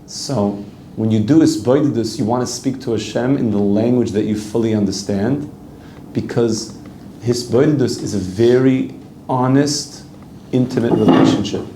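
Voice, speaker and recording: A Canadian rabbi leads an earnest, conversational Torah class, reading Hebrew passages aloud and translating them on the fly. His voice is medium-pitched and dark-toned at a moderate pace, recorded in a roomy space with slight hiss or hum.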